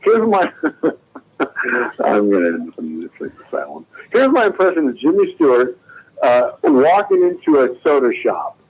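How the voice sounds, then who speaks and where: A man's voice: medium pitch, sing-song, takes it slowly, husky, highs cut off. A man chatting playfully on a radio talk show, eager to show off his impressions. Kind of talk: casual radio chat.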